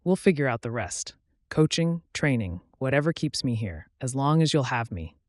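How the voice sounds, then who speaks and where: A man voicing a devoted young former football player, speaking low, earnest and tender in an audiobook. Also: sing-song, normal speed, dry recording, studio quality, natural voice.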